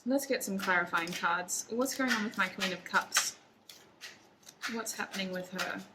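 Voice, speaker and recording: A woman's voice: medium pitch, normal speed, very noisy. A woman giving a chatty pick-a-card tarot reading to her viewers, laughing often as she talks. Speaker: tarot reader.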